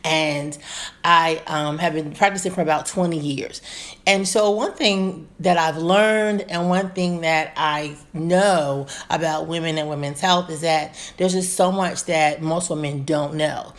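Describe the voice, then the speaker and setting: A woman in her forties talks casually to viewers joining her live stream. Her voice sits a bit low, and she sounds bubbly and eager. She greets people by name and fills her talk with ums. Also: fairly even intonation, unhurried. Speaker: gynecologist hosting a live stream.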